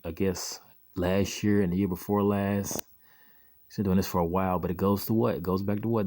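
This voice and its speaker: Man, very deep voice, mellow tone, casual scripture lesson, rambling, rhetorical questions. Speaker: Bible teacher. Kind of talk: informal scripture lesson over video clips.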